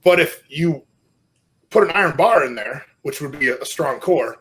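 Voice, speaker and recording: A middle-aged man, a strongman guest on a podcast, telling stories casually with lots of swearing and loud self-mocking outbursts. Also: on the high side, expressive, normal speed.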